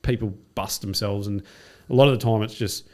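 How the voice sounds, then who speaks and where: Fast-talking man telling a race story. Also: lowish voice. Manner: rapid, profane, animated retelling with acted-out quotes. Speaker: podcast guest, triathlete and coach. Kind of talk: casual storytelling.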